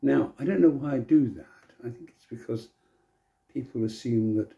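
A man's voice: mid-range voice, normal speed, vocal fry, mellow, lo-fi sound. An older man, musing wryly and playfully in a casual monologue to camera. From England. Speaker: vlogger.

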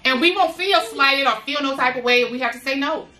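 A woman with a high, bright voice speaks to other parents in a casual, emphatic motivational style, repeating her lines for weight and dropping slang along the way. Her voice rings out with a roomy echo around it. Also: fairly quick, soft background music. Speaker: motivational speaker, mother of boys with special needs.

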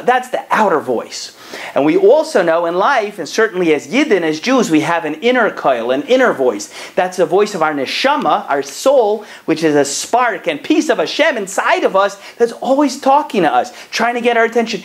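A young male rabbi giving a short video Torah talk. His pitch swings widely as he explains, and he keeps asking rhetorical questions. The tone is chatty and animated throughout. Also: normal speed. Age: young adult.

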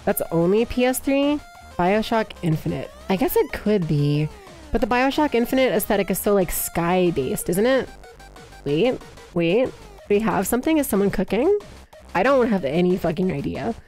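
Excitable woman streamer with lively pitch. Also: normal speed, soft background music. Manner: excitable, swears a lot, bursts into high yells. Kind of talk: live stream chat while playing a guessing game.

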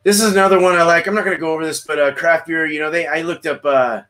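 A man's voice: a little high, fairly even intonation, fast talker, fairly bright tone. A man hosting a solo livestream about beer, chatting casually with viewers, rambling, repeating words and swearing now and then. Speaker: beer review livestream host. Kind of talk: solo livestream chat, reading chat comments. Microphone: computer mic for a livestream.

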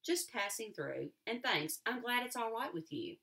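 A woman reading aloud as an easygoing seventeen-year-old boy in a storybook, in a relaxed, matter-of-fact way. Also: on the high side, normal speed, distant mic, voice pushed up, full character voice.

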